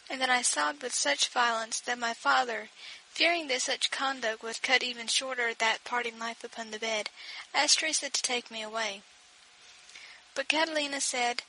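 Woman narrating a story, gentle and expressive, bright voice, a little hiss. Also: on the high side, normal speed, creaky, rough recording. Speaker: audiobook narrator. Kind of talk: scripted narration.

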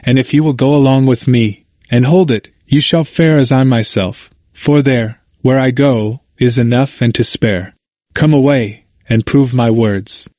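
A man's voice: medium pitch, unhurried, a little mellow, no echo, clean studio sound, lightly acted. A man voicing an anguished, burdened male pilgrim who pleads in earnest archaic speech.

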